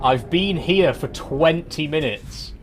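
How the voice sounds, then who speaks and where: A man's voice: a little high, slow pace, a little hiss or hum. A man streaming a trucking game, talking to himself in exasperated, self-mocking commentary.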